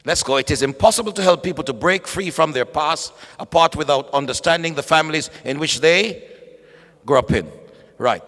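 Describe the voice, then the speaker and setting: A man preaching at a bible study, animated, calling out to the congregation and acting out voices. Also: on the high side. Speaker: pastor. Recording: echoey hall.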